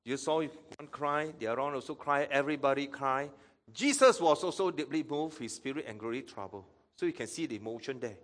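A man's voice: mid-range voice, brisk, a bit bright. A man preaching a sermon as pastor, acting out Bible quotes and asking the audience questions.

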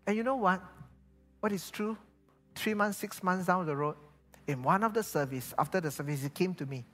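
A man's voice: high-pitched, normal speed, fairly bright tone. A male pastor with a Malaysian English accent, preaching and telling a story, acting out the people he quotes. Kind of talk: sermon. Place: church hall. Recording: reverberant hall with faint music behind.

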